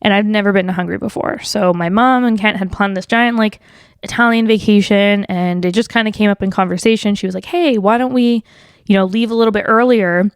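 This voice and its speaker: A woman's voice: fairly even intonation, a little fast, clean tone, no room sound, clean studio sound. A woman in her twenties hosting a solo podcast, telling a personal story in a casual, swear-filled way with lots of fillers, lifting her voice when she quotes people. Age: 20s. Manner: quotes people in livelier, higher voice. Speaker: podcast host.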